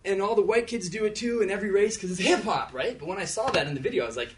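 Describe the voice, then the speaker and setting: A young Canadian man performing a live rap comedy lecture, playful and rhythmic, with quick wordplay and laughing asides. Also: high voice, lively intonation. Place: theater stage before an audience. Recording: live stage sound picked up from a distance.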